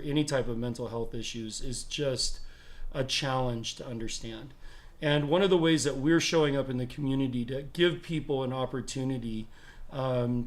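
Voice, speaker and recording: A man with a voice of ordinary middle pitch addresses his listeners as a wellness drumming facilitator. He speaks earnestly and directly, drawing people in to take part. His phrasing often breaks off and picks back up mid-thought. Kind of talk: motivational talk to an online audience.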